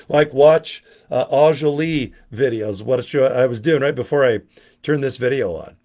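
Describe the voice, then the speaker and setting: Older male vlogger, 60s, loose digressive delivery with wisecracks and asides, average pitch. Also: a little slow, a little mellow. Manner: joking, digressive, self-mocking asides. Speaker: online business vlogger. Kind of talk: rambling casual monologue to camera.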